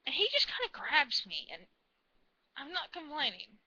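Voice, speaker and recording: A woman with a bright, piercing voice pitched a little high rambles through a story in a casual vlog. She gushes like an excitable fan, and the recording sounds dull and lo-fi. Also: normal speed, dry recording. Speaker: vlogger.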